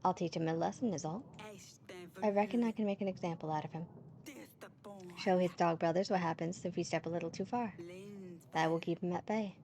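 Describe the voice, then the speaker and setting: A woman voicing a blunt, vengeful warrior chieftain in a game, with a put-on drawling accent and a slow, menacing delivery. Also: on the low side, dark tone, natural voice. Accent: rough put-on drawl.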